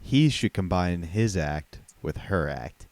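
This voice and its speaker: Low-voiced male comedian with lively pitch. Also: slow pace, dry recording. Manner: joking asides, crude riffs. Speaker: podcast co-host and comedian. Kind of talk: casual comedy podcast chat.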